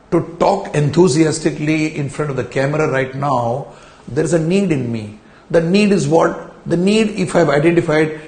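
A man's voice: fairly high pitch, darkish tone, roomy sound. A man giving a recorded lecture in a studio, stressing key words and repeating phrases for his students.

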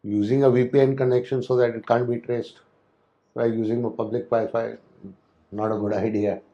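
A hospitality security instructor gives a lecture on hotel safety and security, speaking at a moderate pace with a flat delivery and medium pitch. He talks loosely, often restarting and filling gaps, over dull audio.

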